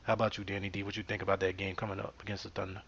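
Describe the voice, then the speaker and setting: Sex: man. Role: podcast host. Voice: bright, muffled lo-fi audio. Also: deep voice, flat delivery, very fast, creaky, breathy edge. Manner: easygoing, many fillers. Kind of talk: casual sports talk.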